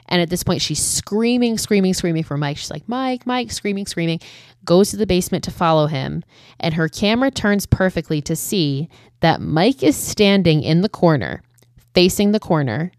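A woman's voice: low-pitched, no room sound, clean studio sound. A young woman casually recapping a horror film, chatty and swearing often, with lots of "like". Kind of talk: casual chat.

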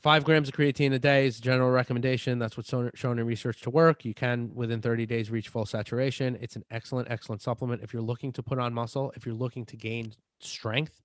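A man's voice: medium pitch, steady tone, fast, few pauses, dry recording. A man with a mid-range voice co-hosts a fitness chat and walks through supplement advice in an explanatory way. He often restarts and repeats himself as he talks. The sound is close and dry. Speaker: fitness podcast co-host. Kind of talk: casual chat.

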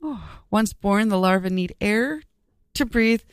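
A woman's voice: mid-range voice, lively intonation, measured pace, clean tone, no echo, studio quality. A young woman co-hosting a casual podcast, reading an article aloud and groaning and swearing in disgust as she goes. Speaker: podcast co-host.

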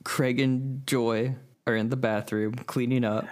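A man casually brainstorming a comedy sketch, eager and quick to jump in with ideas. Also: mid-range voice, flat delivery, a little mellow. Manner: eager, jumps in with ideas, lots of fillers. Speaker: comedy writer.

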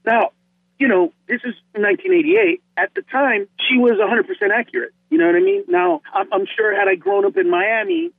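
A man from Honduras talks with lively, excitable energy, tripping over his first words as he builds up steam. His voice sits very high and gravelly. The sound is dry and squeezed down like a phone call. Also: a little fast, no echo. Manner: animated, excitable, repeats words when starting. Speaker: comedian guest. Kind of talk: podcast interview chat.

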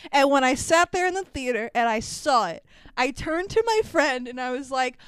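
A woman with a smooth, fairly high voice recounts her movie memories on a podcast, giggling through them. The sound is dry and close. She tells her stories with lively energy. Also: fairly quick, no room sound. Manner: giggly, animated storytelling. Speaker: podcast co-host. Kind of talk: casual movie discussion.

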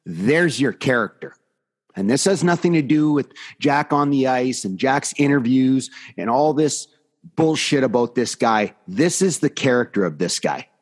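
A man's voice: medium pitch, lively intonation, measured pace. A man who coaches youth hockey, telling a story on a podcast in an emphatic, indignant way and repeating words for effect.

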